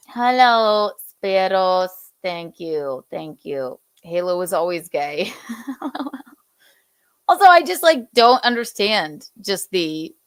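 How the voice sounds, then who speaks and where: A woman's voice: mid-range voice, no room sound. A woman from the American South hosting a casual pop-culture chat, loose and gossipy, often laughing. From Southern United States. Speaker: podcast host.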